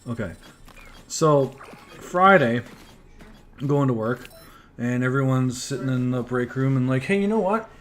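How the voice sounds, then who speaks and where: A man's voice: mid-range voice, unhurried, pauses often. A Canadian man casually telling a work story, rambling and swearing as he retells what people said. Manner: rambling, profane, animated retelling with quoted voices. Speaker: podcast host.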